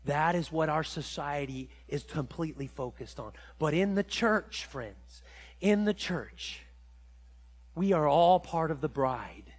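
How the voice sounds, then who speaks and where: A man preaching a sermon in a church, telling stories with animated rises and dropping low and quiet for reflective points. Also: a little slow, husky, long reverb tail. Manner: animated storytelling, rising high when excited, dropping low and quiet for reflection. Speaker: pastor. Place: church sanctuary.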